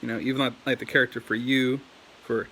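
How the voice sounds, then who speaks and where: Rambling man with a bright voice. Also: medium pitch, little pitch movement, fast, a little hiss or hum. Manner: rambling, heavy on "like" and "um"; coughs now and then. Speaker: language learner sharing tips. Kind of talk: casual talk to camera.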